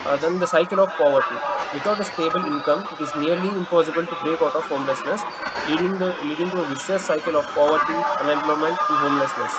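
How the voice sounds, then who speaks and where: A man's voice: fairly high pitch, quick pace. A young man giving a class presentation, reading from notes with fillers and restarts. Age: young adult. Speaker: student presenter. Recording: dull lo-fi recording with loud noise.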